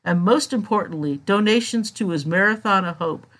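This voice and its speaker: Measured solemn storytelling narrator. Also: mid-range voice, fairly bright tone.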